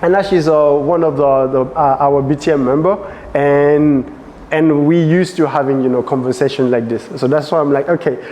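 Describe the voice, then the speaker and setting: French-accented male dance coach, lively workshop teaching, reverberant room. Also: on the high side, moderate pace, a little hiss or hum. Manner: animated, asks frequent check questions.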